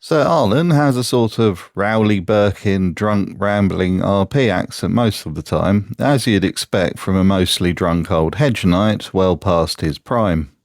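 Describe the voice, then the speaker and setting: A man from Britain delivers scripted commentary with a sardonic, mocking edge. His voice is lowish and recorded close and dry, with no room sound at all. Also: a little slow, few pauses, dry recording. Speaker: YouTube commentator.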